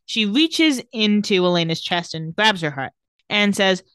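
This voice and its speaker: A woman's voice: medium pitch, expressive, measured pace, a bit bright, clear, resonant tone, dry recording, clean studio sound. A woman in casual chat, recapping TV scenes and acting out the characters' lines. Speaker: podcast co-host recapping a TV episode.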